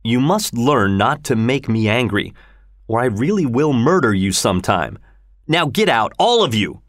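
A man's voice: mid-range voice, sing-song, moderate pace, dry recording, clean studio sound, close to an everyday voice. A man voicing a fierce, brooding middle-aged master of the house in an audiobook reading. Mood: stern.

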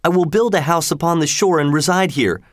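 Man voicing a storybook fisherman, higher voice, stern, declaiming, dry recording. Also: animated, normal speed, no room sound, natural voice. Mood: gloating. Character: boastful, triumphant poor male fisherman.

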